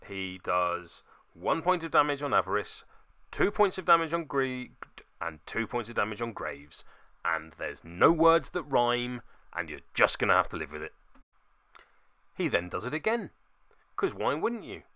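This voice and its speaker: A man calls out a tabletop miniatures battle move by move, dropping wry, self-deprecating jokes between rule checks. His voice is bright and crisp, and the sound is dry and close. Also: mid-range voice, dry recording. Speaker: tabletop game battle report narrator. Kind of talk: play-by-play narration of a miniatures game.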